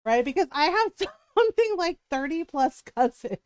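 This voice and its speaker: A woman's voice: high voice, big pitch swings, normal speed, a little mellow, dry recording, studio quality. A woman streamer telling a long family story to her live chat, chatty and laughing often.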